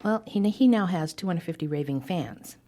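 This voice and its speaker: A woman advising as a podcast guest, telling stories with animated acted-out dialogue and dropping to a hushed whisper now and then. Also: on the low side, normal speed. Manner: animated storyteller who acts out quoted dialogue. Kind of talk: podcast interview storytelling.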